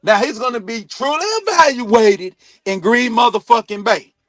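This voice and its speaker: A man hosting a sports talk stream, ranting bluntly and swearing a lot, jumping between loud outbursts and low mutters. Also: animated, normal speed, dry recording. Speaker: sports talk show host. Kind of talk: profane sports opinion rant. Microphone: streaming mic.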